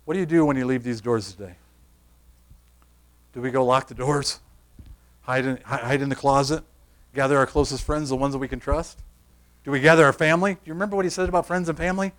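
A man preaching a sermon, pressing his listeners with repeated rhetorical questions and sinking to a soft, quiet close. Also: mid-range voice, brisk, long pauses.

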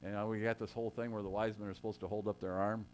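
A man's voice: on the low side, flat delivery, rapid-fire, a little hiss or hum. A man preaching a sermon in a conversational way, joking with his congregation and rising to emphatic quotes. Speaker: pastor.

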